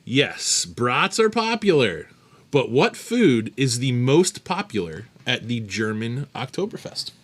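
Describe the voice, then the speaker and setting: A man co-hosting a casual beer podcast, reading out trivia questions in a joking, animated way. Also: medium pitch, slow pace. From United States. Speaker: podcast co-host running trivia.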